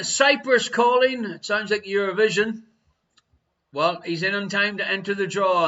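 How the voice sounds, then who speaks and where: A man with an Irish accent hosting a live online quiz, chatty and teasing, reading each question slowly twice. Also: high-pitched, sharp tone. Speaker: quiz host. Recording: dull lo-fi stream audio.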